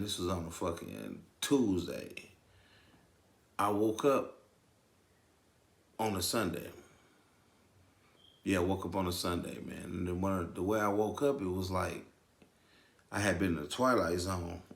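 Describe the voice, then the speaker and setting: A man's voice: low voice, unhurried, vocal fry, long pauses, a bit bright. Slangy, swearing man with an echoey sound. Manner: loose, slangy, says "man" often, swears. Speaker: storyteller vlogger. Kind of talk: casual storytelling to camera.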